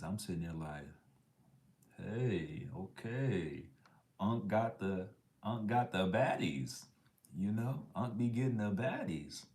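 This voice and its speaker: On his casual livestream, a middle-aged man goes through the chat in a laid-back, slangy way. His voice is very low and a little mellow, and every so often he whispers an aside.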